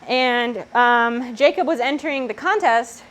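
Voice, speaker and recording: A woman's voice: on the high side, measured pace, a bit bright, rough recording. A woman from Australia chatting casually on a live stream, swearing freely and answering chat while she works in a workshop.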